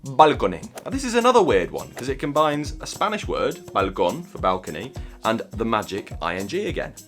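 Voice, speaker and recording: A man's voice: medium pitch, huge pitch swings, brisk, fairly bright tone, faint music behind. A young Englishman hosting a language video, chatty and jokey with playful asides. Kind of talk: casual explainer vlog.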